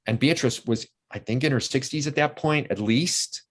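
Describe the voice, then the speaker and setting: A man's voice: mid-range voice, moderate pace. A man in his sixties, an interview guest and actor, telling long, rambling anecdotes full of restarts.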